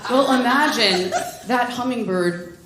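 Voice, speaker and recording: A woman comedian performing a stand-up set on a club stage, with deadpan delivery and quick asides. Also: on the high side, very noisy. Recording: roomy club sound with loud laughter. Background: audience laughter.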